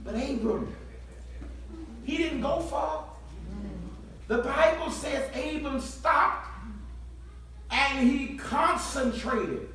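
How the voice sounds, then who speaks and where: A man preaching a sermon, building from quiet talk into shouted call-and-response to the congregation. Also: very high voice, very slow, long pauses, background noise. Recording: echoey church from far off.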